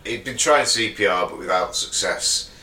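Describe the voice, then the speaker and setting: A man's voice: fairly low pitch, normal speed, pushed and bright. A man, a podcast co-host, reading odd news stories aloud in casual chat. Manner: reads stories aloud, breaks into giggles. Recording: echoey room, slightly distant mic.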